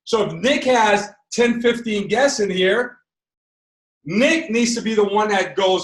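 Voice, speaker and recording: A man giving a live sales training seminar, energetic, checking in with his audience and acting out conversations. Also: high-pitched, moderate pace. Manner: acts out dialogue with quoted voices. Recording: echoey room, mic far off.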